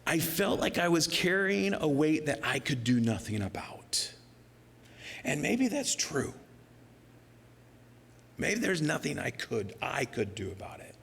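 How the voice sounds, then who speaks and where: A male pastor preaching a sermon in an earnest, personal way, sometimes dropping to a soft near-whisper for emphasis. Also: a little high, big pitch swings, unhurried, gravelly, pauses often, slightly rough, big-room sound. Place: church sanctuary.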